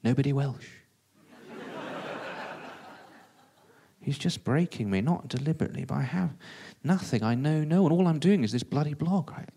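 A man's voice: on the high side, animated, fairly quick, gravelly, dark tone, breathy edge. A man telling a comic first-person story in a self-deprecating, conversational way.

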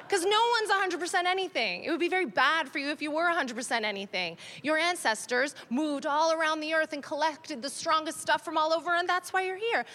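A woman doing stand-up comedy on stage, talking in an animated, sardonic way and laughing through her punchlines. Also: sits high, a little hiss or hum. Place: comedy stage with live audience.

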